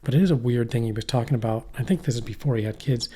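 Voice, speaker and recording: A middle-aged man chatting on a podcast, his voice dark and mellow. He rambles, swears freely and keeps breaking off mid-thought to start again. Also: medium pitch, rapid-fire, slightly rough. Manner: rambling, profane, trails off and restarts. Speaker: podcast co-host. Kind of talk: casual chat. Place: poorly heated shack.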